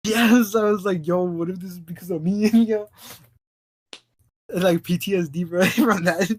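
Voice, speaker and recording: A man's voice: high voice, steady tone, normal speed. A man co-hosting a podcast in casual chat, telling a story in a rambling way, stumbling over restarts and laughing often. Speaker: podcast co-host.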